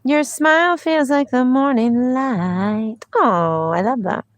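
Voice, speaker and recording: A woman's voice: sits high, slow pace, dry recording. A middle-aged woman hosting a casual livestream, chatting, laughing often and reading spiritual passages aloud, outdoors near water. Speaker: livestream host.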